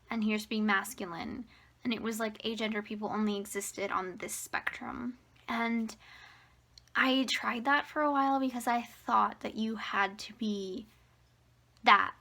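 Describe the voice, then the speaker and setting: A woman in her twenties vlogging casually at home, rambling and hesitant, slipping into a breathy half-whisper and a little out of breath. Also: medium pitch, sharp tone. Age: 20s. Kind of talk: casual personal vlog. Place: at home near the fridge, indoors.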